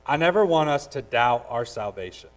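A man's voice: mid-range voice, lively intonation, moderate pace, low-quality recording. A man preaching a sermon as pastor, direct and earnest, with repeated phrases and voices acted out in a story. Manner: acts out voices in a told story.

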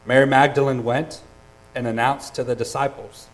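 A man preaching a sermon, earnest and personal, with hesitant restarts and swings between loud and soft. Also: medium pitch, level tone, normal speed, low-quality recording. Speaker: pastor.

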